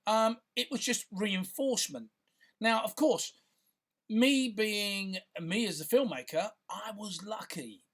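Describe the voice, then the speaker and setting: A man's voice: sits high, slow, a bit bright. A man, a filmmaker talking casually to camera in a rambling, chatty way, full of fillers and restarts. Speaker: filmmaker and content creator.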